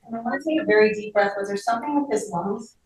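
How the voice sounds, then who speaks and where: A woman's voice: medium pitch, quick pace. Echoey woman medium heard from afar. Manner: gentle, tentative, often trailing off and checking with listeners. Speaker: medium leading a group session. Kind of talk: live mediumship demonstration. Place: community gathering room. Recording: echoey room recorded from far off with faint noise.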